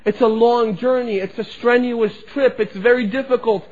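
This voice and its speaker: A man's voice: extremely high pitch, fairly even intonation, normal speed, voice pushed up. A man preaching, acting out a grieving father who tenderly tells his sick little daughter he cannot take her along. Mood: pleading. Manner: pleading, tender, raised emotional voice. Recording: dull lo-fi sound.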